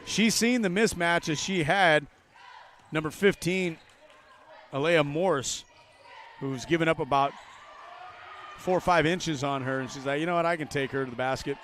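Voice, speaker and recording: An older man calls a college basketball game live, his voice bright and forceful and pitched a bit high for a man. He jokes with his partner between plays and erupts into big calls when a shot falls, with basketballs bouncing faintly behind him. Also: moderate pace, long pauses, a little hiss or hum. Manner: excitable, jokey, bursts into loud calls on big plays. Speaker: play-by-play commentator. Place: courtside broadcast booth in a gym.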